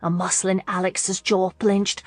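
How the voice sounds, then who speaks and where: A woman reads an audiobook in a steady, measured way. Her pitch is middling. The recording is dry and close. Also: no room sound, soft background music. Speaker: audiobook narrator. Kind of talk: scripted narration.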